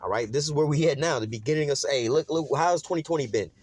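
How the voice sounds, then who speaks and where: A man's voice: a little high, fast talker, no room sound. A man giving an informal, rambling Bible study, reading verses and commenting in streetwise slang with constant fillers. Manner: rambling, streetwise, peppered with "man" and "all right". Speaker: Bible teacher.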